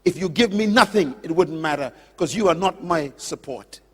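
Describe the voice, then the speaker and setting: A man preaching with a high, lively voice that leaps between soaring declarations and low, drawn-out words. He puts pointed questions straight to his listeners. His voice rings with long reverb through a large auditorium. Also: husky. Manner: impassioned, emphatic, swings from loud declarations to low slow drawn-out words; addresses listeners directly with questions. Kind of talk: sermon.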